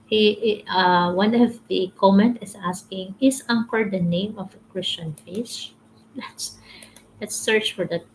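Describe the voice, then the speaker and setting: Slow, halting woman leading a devotional. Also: medium pitch, a little hiss or hum, rough recording. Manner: halting, repeats words, reads viewer comments. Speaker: devotional livestream host. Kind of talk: casual devotional teaching.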